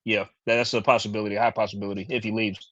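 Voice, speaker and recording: A man in a casual podcast chat talks very fast and animatedly, full of slang. The sound is dry and a little dull, with no room around it. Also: fairly low pitch, level tone, fairly bright tone, no room sound.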